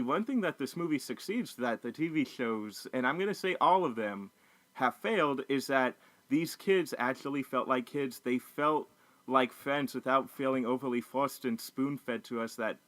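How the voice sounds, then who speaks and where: A man in a casual movie review chat, talking at a middle pitch. He is animated and swears freely, and he drops into quick impressions of the characters. His voice sits close and dry on the mic, with no room around it. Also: no echo. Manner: animated, profane, mimics characters in quick asides.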